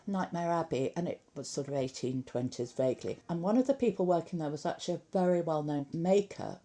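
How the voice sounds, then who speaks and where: A woman who works as a costume designer, telling stories of her career in an animated interview with some laughter. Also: deep voice, a little fast. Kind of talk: conversational interview recollection.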